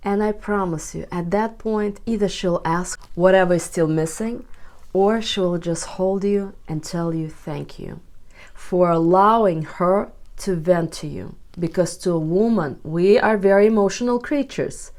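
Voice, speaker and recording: A woman relationship coach giving advice straight to camera to her viewers, expressive and emphatic. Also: medium pitch, unhurried, creaky. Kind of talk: direct-to-camera advice video.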